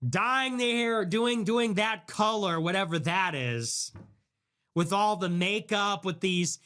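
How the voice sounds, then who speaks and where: High-voiced sarcastic young man ranting. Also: takes it slowly, pushed and bright, smooth. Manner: sarcastic, mocking, profane; swings between mock high-pitched squeals and low mutters. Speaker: livestream host. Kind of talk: casual livestream rant.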